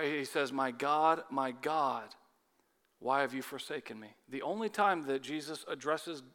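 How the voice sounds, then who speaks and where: A man preaching a sermon with dramatic swings between loud urgency and hushed intensity. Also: medium pitch. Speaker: pastor. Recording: long hall reverb.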